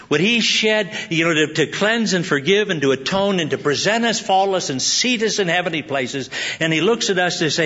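High-pitched, bright, and forceful, this pastor from Southern California preaches animatedly at a normal speed. His sermon wanders through a personal anecdote punctuated by frequent laughter and restarts. The lo-fi recording sounds dull.

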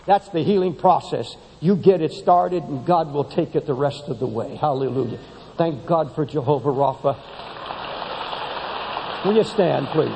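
A man preaching a sermon to a congregation, impassioned and emphatic, often rising high as he drives a point home. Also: moderate pace, vocal fry, noisy background. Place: large church sanctuary. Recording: long hall reverb in a church.

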